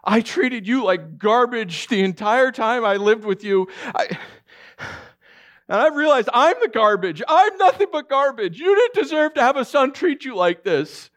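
A man's voice: very high voice, sing-song, fairly bright tone, voice pushed up, exaggerated voice. A man voicing a broken, remorseful grown son who pleads in a strained, raised voice. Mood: pleading. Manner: halting, stammering.

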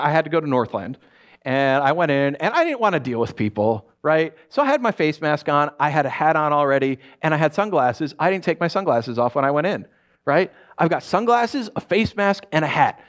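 Male pastor, sermon, animated storytelling, middle-aged, lively jokey delivery. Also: a little high. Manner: animated, jokey storytelling with quick put-on voices.

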